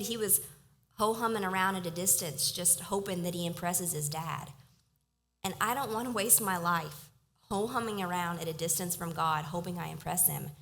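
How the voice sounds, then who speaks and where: Female preacher with a lowish voice, chatty and earnest, faint ambience behind. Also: fairly bright tone, a little hiss or hum, poor audio. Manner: conversational, earnest, self-deprecating. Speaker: speaker at a church service. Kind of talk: casual sermon. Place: church hall.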